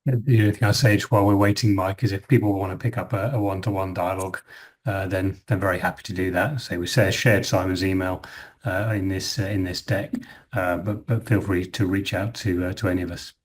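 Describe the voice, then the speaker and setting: A man's voice: low voice, steady tone, a little fast, slightly rough. A man on a webinar panel adding an offhand, filler-heavy remark.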